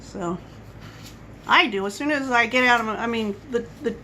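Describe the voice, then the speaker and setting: A woman's voice: a little high, moderate pace, bright, forceful tone, slight background noise, low-quality recording. A woman vlogger talking at home in a casual coffee-chat monologue, rambling and wandering off on tangents. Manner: rambling, chatty, goes off on tangents.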